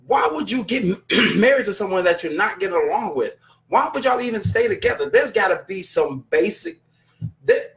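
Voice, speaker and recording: A man's voice: high voice, a bit bright. A man hosting his own show, talking casually to his chat in a blunt, profane, exasperated rant. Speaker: show host reading chat. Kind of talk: casual live-stream commentary.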